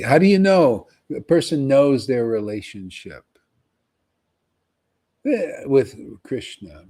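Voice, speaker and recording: A man giving an informal, rambling devotional talk to followers, often pausing to ask "see?" and repeating himself. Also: mid-range voice, warm tone, slightly rough. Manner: conversational, rambling, repeats words and asks "see?". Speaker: spiritual teacher.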